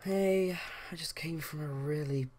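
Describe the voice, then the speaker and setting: A woman's voice: low voice, measured pace, mellow, slight background noise. A woman voicing a flustered young woman Sim who is upset after a date, speaking in a breathless rush.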